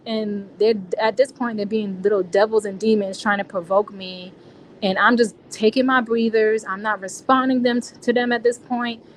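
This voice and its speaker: A woman's voice: medium pitch, steady tone, normal speed, slight background noise, poor audio. A woman being interviewed, recounting a personal experience in casual, slangy speech with frequent restarts.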